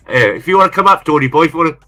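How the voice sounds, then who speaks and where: A man's voice: on the high side, lively intonation, fast, pushed and bright, faint music behind. A man from England, co-hosting a livestream in rambling, casual chat and repeating himself often. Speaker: livestream co-host.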